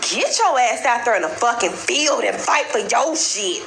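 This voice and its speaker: A woman ranting casually to camera, heated and profane, exasperated and loud. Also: on the high side, lively intonation, moderate pace, echoey room, noisy background. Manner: profane, heated, exasperated, breaks into laughter and shouting.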